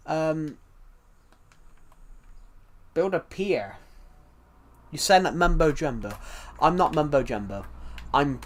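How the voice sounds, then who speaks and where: A man's voice: on the high side, expressive, slow pace, long pauses. A young man from the south of England with a southern English accent, chatting casually on a game live stream and rambling through viewer comments with many restarts. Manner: rambling, repeats and restarts phrases while reading chat.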